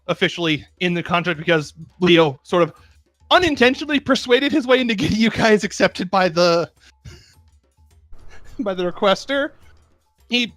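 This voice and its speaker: A man's voice: sits high, a bit bright, no echo, studio quality. A man narrating a tabletop game as game master, casual and chatty, often laughing at his own story.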